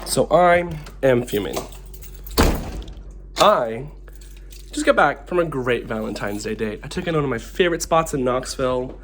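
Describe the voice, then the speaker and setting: A man's voice: medium pitch, animated, moderate pace, pauses often, noisy background. A young man who is tipsy, giving a dramatic, theatrical reality-show confessional and acting out what others said. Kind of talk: confessional to camera.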